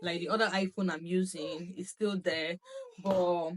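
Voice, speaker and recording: Chatty, excitable young woman. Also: fairly low pitch, unhurried. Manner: excitable, chatty, laughs often, repeats herself. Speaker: lifestyle vlogger. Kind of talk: casual phone review vlog. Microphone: phone camera.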